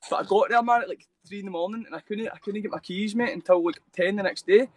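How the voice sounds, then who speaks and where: A young man with a Scottish accent talks at a fast clip in a fairly high voice, his stories spilling out in loose, rambling runs. He swears freely and drops mate and bro into nearly every line. He's a guest on a live video call. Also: no room sound, rough recording. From Scotland. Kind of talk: casual storytelling interview.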